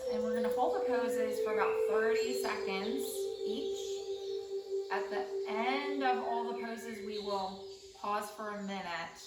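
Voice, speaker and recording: A woman teacher gently leading a home yoga class with calm, encouraging instructions. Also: mid-range voice. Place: home room. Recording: echoey room, mic at a distance, loud music behind. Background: quiet nature music.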